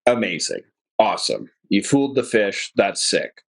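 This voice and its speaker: A male podcast host with a fairly low voice, chatting in an easygoing, rambling way. He fills his thoughts with "you know" and "uh" as he goes. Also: animated, normal speed. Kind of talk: casual podcast chat.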